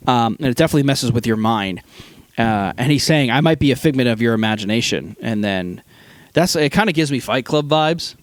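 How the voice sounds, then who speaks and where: A man's voice: medium pitch, animated, fairly quick, dry recording. A man co-hosting a podcast, casually recapping a horror film with many fillers and acting out quoted lines. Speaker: podcast co-host. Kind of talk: casual movie review chat.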